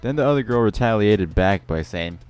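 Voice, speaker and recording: A man's voice: lowish voice, animated, moderate pace, darkish tone, smooth. A young man telling a story over game footage in a sarcastic, exasperated rant. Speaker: channel host.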